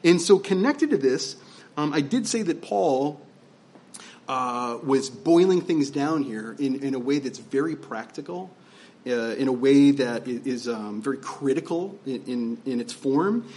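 Animated man preaching a casual sermon. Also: medium pitch, a little slow. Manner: conversational, emphatic preaching with rhetorical questions. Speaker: pastor.

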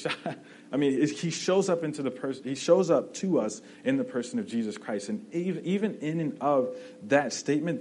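A male preacher delivers his sermon in a relaxed, conversational manner, often checking in with "right?" and circling back on his phrases. His voice sits at a middle pitch, with faint background noise. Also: low-quality recording. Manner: conversational, often asks 'right?', restarts phrases.

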